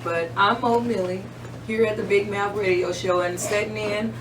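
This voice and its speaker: A woman hosting a talk radio show, speaking earnestly and haltingly with many fillers. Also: medium pitch, steady tone. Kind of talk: casual talk radio chat. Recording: roomy, distant mic with faint hum.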